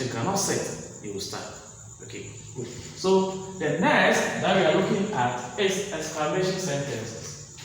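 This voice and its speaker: A man's voice: fairly high pitch, slight background noise. A man teaching a grammar lesson in a classroom. He quizzes the class, repeats his points and often asks "okay?". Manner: repetitive, quizzing with "what?" and "okay?"; lively, voice rising sharply on example commands. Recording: roomy echo, mic far off, faint outdoor ambience.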